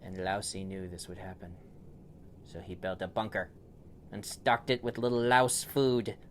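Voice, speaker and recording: A man improvising a bedtime story for a child, playful and animated, with big swings in loudness. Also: low voice, a little slow, background noise.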